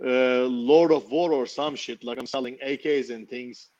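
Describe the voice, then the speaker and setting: A knife maker co-hosting a casual livestream, joking crudely and animatedly. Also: male voice, mid-range voice, steady tone, a little slow, a little mellow. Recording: dull lo-fi sound.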